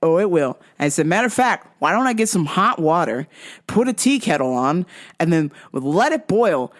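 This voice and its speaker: A woman hosting a podcast tells profane stories casually, performing other people's lines and laughing at her own jokes. Her voice is on the low side with big pitch swings, at a moderate pace.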